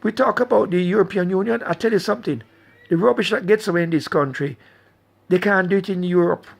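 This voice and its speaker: A man's voice: high voice, fast talker, vocal fry. A middle-aged man delivering a blunt, angry political rant straight to his viewers. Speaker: political commentator.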